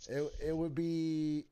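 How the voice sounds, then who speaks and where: A man's voice: a little high, dark tone, a little hiss or hum. A young man streaming, chatting casually with viewers in a rambling, profane way and laughing often. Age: young adult.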